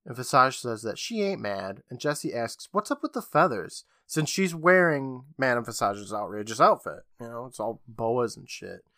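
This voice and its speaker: A man's voice: mid-range voice, animated, moderate pace, few pauses, bright, forceful tone, no echo, clean studio sound. A man co-hosting a casual podcast, recapping episodes with a chatty manner, acting out quotes and laughing often.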